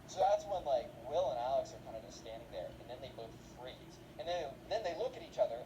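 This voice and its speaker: A man's voice: on the high side, a little fast, few pauses. A young man casually telling a long story, rambling with many fillers and acting out voices. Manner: rambling, filler-heavy, animated. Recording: noisy background.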